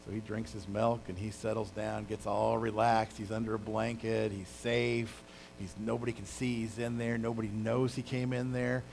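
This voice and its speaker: A male pastor preaching a casual, animated sermon, retelling a story with exclamations and asides. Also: lowish voice, normal speed, creaky, a little hiss or hum, poor audio.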